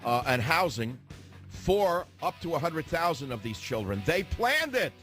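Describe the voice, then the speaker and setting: A man's voice: fairly high pitch, sing-song, a little slow, a bit bright, soft background music. A man hosting a political radio commentary, ranting fiercely, firing rhetorical questions and repeating phrases for emphasis. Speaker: radio talk show host.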